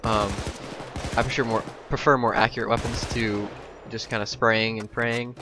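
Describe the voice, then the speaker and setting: A man's voice: medium pitch, level tone, normal speed, noisy background. A young man giving casual, rambling game commentary as a voice-over, full of ums and asides. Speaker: gameplay commentator.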